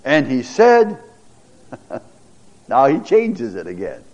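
A middle-aged man, a pastor, teaching a Bible class, reading scripture dramatically and pausing with fillers and repeated words. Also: mid-range voice, sing-song, a little mellow.

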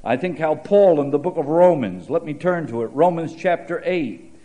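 A male preacher delivering a sermon in a slightly higher than usual voice. He mixes scripture with folksy anecdotes and dry humor, slowing down and swelling in volume to stress a point. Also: expressive. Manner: shifting pace and loudness for emphasis.

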